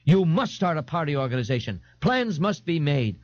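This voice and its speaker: A man's voice: fairly high pitch, very animated, normal speed, no echo, voice pushed up. A man voicing a pompous, indignant and bloated male eccentric in an audiobook, haughty and scolding with grand pronouncements. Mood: urgent. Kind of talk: audiobook character voice. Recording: dull, dry 1989 tape recording.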